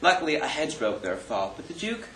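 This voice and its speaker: An actor in an amateur stage play playing a flamboyant, vain French marquis who gossips theatrically and takes offense quickly. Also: male voice, medium pitch, very animated, a bit bright, a little hiss or hum. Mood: gossipy. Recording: echoey hall, mic from far off.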